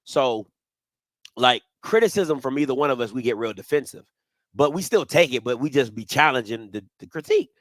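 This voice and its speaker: A man co-hosting a casual sports talk show, animated and repeating himself as he laughs. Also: mid-range voice, fairly quick, no echo. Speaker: podcast co-host.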